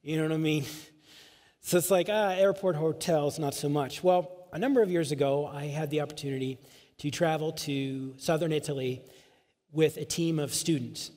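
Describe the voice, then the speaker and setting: A man's voice: a little high, normal speed, darkish tone. A male pastor telling a personal story in a sermon, casual and rambling, full of filler phrases. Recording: long hall reverb.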